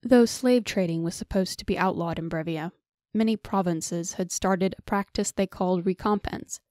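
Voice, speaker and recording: A woman narrating a fantasy audiobook with steady storytelling on a close mic. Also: lowish voice, no room sound. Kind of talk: scripted narration.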